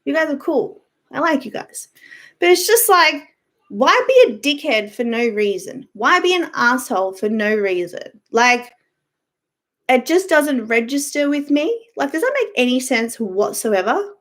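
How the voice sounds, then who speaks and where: A woman's voice: high-pitched, very animated, measured pace, a bit bright. A woman live-streaming a blunt, profane rant as she answers viewer comments. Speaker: YouTuber live-streaming to chat. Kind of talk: casual ranting live-stream chat.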